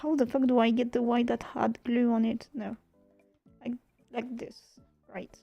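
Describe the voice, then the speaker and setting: A woman's voice: a little high, level tone, a little slow, vocal fry, no echo, dull audio, faint music behind. A young French woman streaming from home, chatting casually while she crafts, swearing freely and laughing often. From France.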